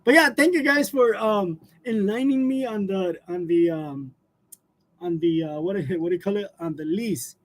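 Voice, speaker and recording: A high-voiced man chats loosely with his livestream viewers. He laughs often, trails off with fillers and drifts from story to story. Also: moderate pace. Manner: laughs often while telling stories, chatty with fillers. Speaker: livestream host. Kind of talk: casual livestream chat with viewers.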